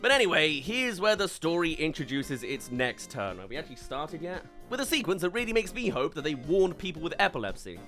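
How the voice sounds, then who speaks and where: A young man delivers a wry, sarcastic film review. His voice sits fairly high and sounds bright and sharp, and his pitch jumps all over the place as he mocks the movie. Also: sing-song, brisk, few pauses, soft background music. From United Kingdom. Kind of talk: comedic film review commentary.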